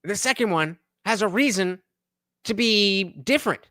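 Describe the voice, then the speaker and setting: Sarcastic New Jersey man, bright lively voice. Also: high voice, a little slow, no room sound, clean studio sound. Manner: sarcastic, mocking, mimics others in put-on voices. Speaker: commentator reacting to a debate. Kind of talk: reaction commentary.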